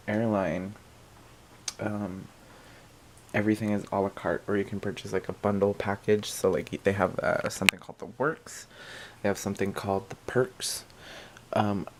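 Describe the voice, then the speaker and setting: Give me a teary young man, talking slowly and softly at home late at night, with a faint hum behind him. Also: lowish voice, poor audio. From Hawaii. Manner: rambling, soft, with many fillers and nervous laughs. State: emotional, teary. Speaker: vlogger. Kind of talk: casual late-night vlog talk.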